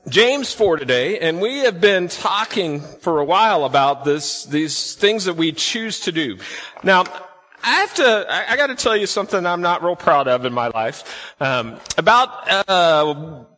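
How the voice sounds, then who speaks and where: A pastor preaches to his church in a bright, forceful voice that sits a little high for a man. His sermon is chatty storytelling, full of questions put to the congregation. A long hall reverb trails every phrase. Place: church sanctuary.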